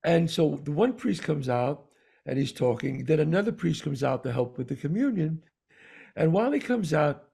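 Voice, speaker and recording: A man's voice: on the high side, gravelly, warm tone, breathy edge. A man co-hosting a podcast, telling a story in casual chat and repeating words for emphasis. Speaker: podcast co-host.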